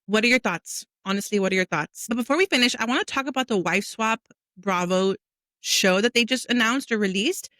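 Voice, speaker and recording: A woman's voice: medium pitch, brisk, fairly bright tone, no room sound. A woman hosting a casual commentary show, talking straight to her viewers in a chatty way. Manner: chatty, addressing viewers directly. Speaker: host.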